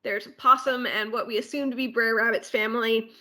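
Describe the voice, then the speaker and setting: Podcast co-host, woman; bright, slightly high voice; rambling, filler-heavy walkthrough. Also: fairly even intonation, brisk. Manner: rambling ride walkthrough with filler words and asides. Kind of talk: casual podcast chat.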